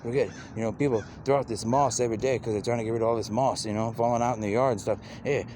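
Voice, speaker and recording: A man's voice: medium pitch, fairly even intonation, rapid-fire, darkish tone, slight background noise. A man talking in a loose, rambling monologue, repeating "you know" constantly and drifting from idea to idea.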